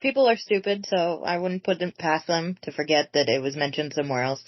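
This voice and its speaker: A woman's voice: sits low, a little fast, no echo. A woman co-hosting a podcast, tossing out snarky, playful quips in casual banter. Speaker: podcast co-host. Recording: dull, slightly lo-fi podcast mic.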